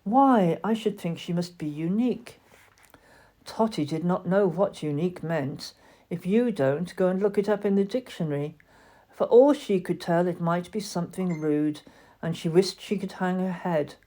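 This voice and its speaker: A woman reading a children's story aloud in a gentle, expressive narration. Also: fairly low pitch, moderate pace. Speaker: audiobook reader.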